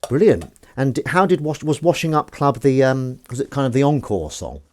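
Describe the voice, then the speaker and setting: His mid-range voice has a darkish tone and lively intonation, and he keeps a moderate pace. Hosting a live stream, he jokes and rambles casually, feigning outrage at comments from chat.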